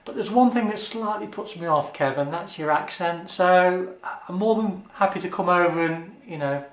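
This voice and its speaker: Speaking at normal speed, a slightly high-voiced man answers viewer questions in a relaxed motovlog Q&A. He comes across as earnest and a bit unsure, with plenty of ums. His voice echoes around the room.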